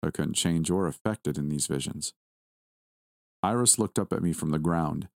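Deep-voiced man narrating a horror story. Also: moderate pace, gravelly, no echo, studio quality. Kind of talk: scripted first-person horror narration.

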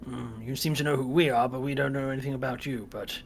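A man's voice: mid-range voice, fairly even intonation, fast talker, close to an everyday voice. A man voicing a stern knight who gives orders and questions a stranger formally. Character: stern male knight, cautious and commanding. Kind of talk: tabletop role-play.

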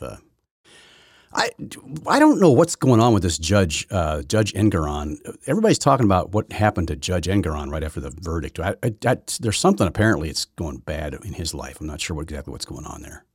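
A man's voice: a bass voice, big pitch swings, quick pace, gravelly, breathy edge, no room sound, clean studio sound. A man hosting a solo political commentary podcast, rambling and combative, often correcting himself mid-sentence. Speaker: podcast host.

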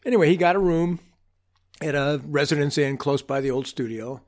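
A man hosting his own show, telling a reflective personal story in an unhurried, wry way with humorous asides. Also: a little high. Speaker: podcast host.

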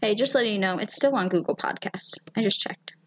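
A woman's voice: mid-range voice, brisk, fairly bright tone. A woman in a mid-range voice chats on her podcast, open and heartfelt with frequent swearing. She reads listener messages and muses on being vulnerable, in an easy, unscripted way. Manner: candid and emotional, swears freely. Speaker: podcast co-host. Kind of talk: casual chat.

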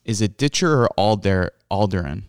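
A man's voice: lowish voice, lively intonation, moderate pace, clear, resonant tone, dry recording, clean studio sound. A man hosting an interview, talking casually and rambling a bit, with many "like" fillers. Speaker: host. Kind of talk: conversational interview.

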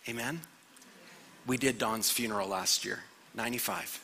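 Bright, animated preaching man in a reverberant hall. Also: mid-range voice, measured pace, a little hiss or hum. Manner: animated preaching, acts out quoted voices. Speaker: guest pastor. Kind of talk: sermon. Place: church sanctuary.

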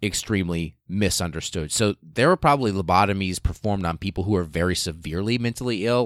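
Sex: male. Role: podcast host. Style: casual storytelling. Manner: profane, comedic. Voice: very low. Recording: dry. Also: dry recording.

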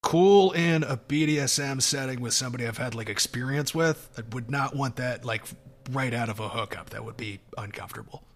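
A man's voice: medium pitch, brisk. A man co-hosting a podcast, talking in a loose, laughing, profane way with lots of restarts. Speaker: podcast co-host. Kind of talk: casual chat.

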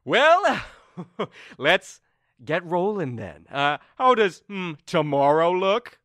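Brief: man voicing an evasive, cheery power-holder for a tabletop game, high and bright, dry close sound. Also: sing-song, takes it slowly, no room sound, full character voice. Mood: breezy. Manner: high, bouncy, brushing people off. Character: slippery, breezy man in power, dodging questions.

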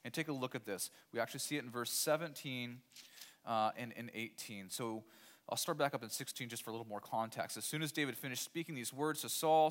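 A man's voice: on the high side, fairly bright tone. Emphatic male pastor preaching. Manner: emphatic, repeats key phrases; asks the listeners rhetorical questions. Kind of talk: sermon.

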